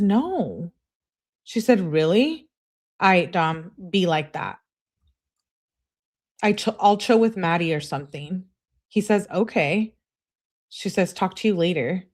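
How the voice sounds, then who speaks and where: A woman's voice: medium pitch, lively intonation, takes it slowly, pauses often, darkish tone. A woman hosting a live stream, reading text messages aloud with speaker tags and breaking off to comment and greet viewers. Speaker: true-crime channel host.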